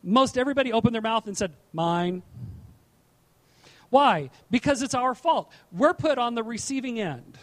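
A man's voice: extremely high pitch, lively intonation, fairly quick, few pauses, a bit bright. A middle-aged man, a pastor, preaching a conversational sermon, reading scripture aloud with asides and frequent restarts.

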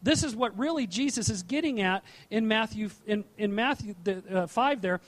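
A man's voice: sits high, normal speed. A middle-aged man, a pastor, preaching a conversational sermon, reading scripture aloud with asides and frequent restarts.

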